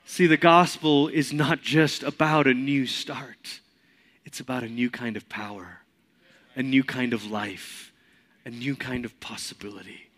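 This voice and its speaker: A male pastor delivering a sermon in a somewhat high voice. He swings between loud, emphatic peaks and quiet, hushed stretches, driving his points home with repetition.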